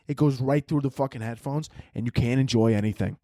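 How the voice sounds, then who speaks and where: Profane, animated young man ranting. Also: mid-range voice, fairly quick, few pauses, no room sound, clean studio sound. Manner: profane, animated, laughs at his own jokes. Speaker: podcast host. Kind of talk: casual solo rant.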